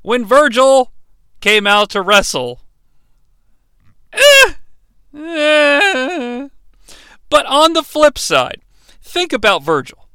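A man hosting a comedic podcast, talking in an animated, jokey, mock-dramatic way. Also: high voice, measured pace, clean tone, dry recording, clean studio sound. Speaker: podcast host. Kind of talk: comedic wrestling podcast monologue.

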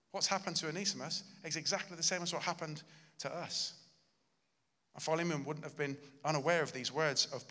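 Male pastor preaching, sharp bright voice, earnest and emphatic, echoing hall. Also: mid-range voice. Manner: earnest, emphatic preaching that acts out quoted lines. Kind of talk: sermon.

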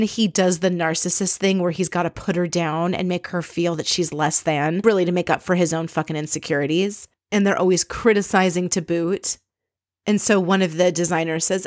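Woman w/ a lowish voice ranting thru a reality show recap, blunt n fed up, dry mic. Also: fairly even intonation, brisk, no room sound. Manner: blunt, exasperated, swears freely. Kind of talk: casual recap commentary.

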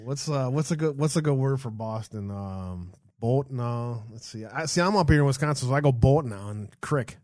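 A man's voice: mid-range voice, moderate pace, few pauses, a little mellow, no room sound, clean studio sound. A man hosting a call-in show in loose, profane casual chat, laughing often.

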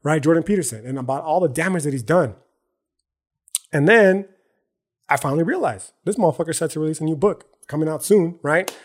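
Podcast host, man with a slightly high voice, casual and profane, punchy slang, keeps checking in with "right?". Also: fairly quick. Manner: frequent "right?" and "okay?" tags. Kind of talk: casual solo podcast monologue.

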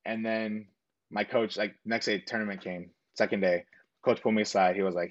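A young interviewee earnestly rambles through a personal story, using frequent fillers and recreating dialogue by quoting himself and others. His lowish voice stays steady in tone at a brisk pace, on lo-fi audio.

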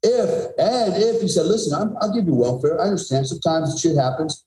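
A middle-aged man telling a story with blunt, profane emphasis. His voice sits a little high for a man but has a dark, mellow tone. The room around him adds a roomy echo. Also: brisk. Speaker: podcast guest, former special forces soldier. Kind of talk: conversational storytelling.

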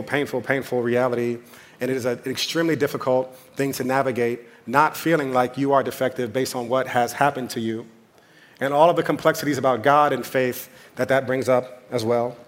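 An American man, a pastor, preaching a sermon in a conversational but impassioned way, repeating phrases for emphasis. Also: mid-range voice.

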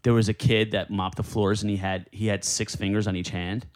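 A man's voice: fairly low pitch, brisk. A man hosting a casual podcast chat, telling rambling stories. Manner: rambling, storytelling, animated. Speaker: podcast host. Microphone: podcast mic.

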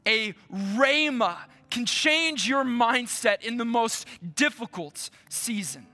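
A male pastor preaching a sermon to his church, slow and emphatic, with dramatic pauses. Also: extremely high pitch, expressive, pushed and bright.

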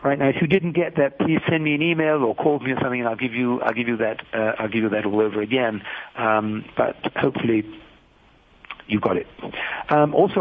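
Male radio host, slow halting delivery, husky voice, thin phone-like broadcast sound. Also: medium pitch. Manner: slow, halting, spells things out carefully. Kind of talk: radio call-in announcements.

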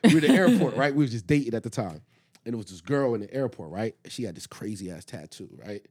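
A man co-hosting a podcast in casual chat, excitable, laughing and egging the others on. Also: medium pitch, fast talker, breathy edge. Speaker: podcast co-host.

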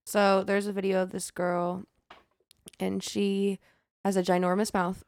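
A woman's voice: mid-range voice, flat delivery, unhurried, a little mellow, no echo. A woman guesting on a podcast in casual chat, telling a story.

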